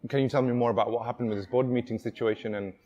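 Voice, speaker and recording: A man's voice: mid-range voice, fairly even intonation, rapid-fire, muffled recording, close to an everyday voice. A man voicing a male boss who asks direct, probing questions. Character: male boss leading the board meeting, brisk.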